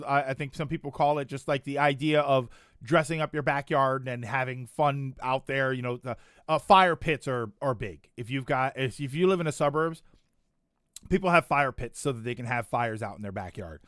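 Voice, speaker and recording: A man's voice: medium pitch, moderate pace, a bit bright, smooth, no echo, studio quality. A man streaming and chatting casually with viewers, rambling and correcting himself as he goes. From United States. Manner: rambling, self-correcting, chuckling asides. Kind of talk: casual chat reading chat comments.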